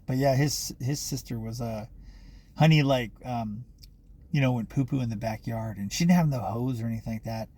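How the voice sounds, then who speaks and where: A man's voice: medium pitch, creaky, darkish tone, slightly rough. A man talking to camera in a rambling personal monologue, full of fillers and restarts, swearing often.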